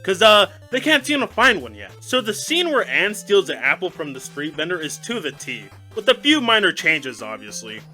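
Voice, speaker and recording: Animated sarcastic young man reviewing films. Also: sits high, normal speed, few pauses, soft background music. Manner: sarcastic, exaggerated outbursts. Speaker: film reviewer. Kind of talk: comedic movie review.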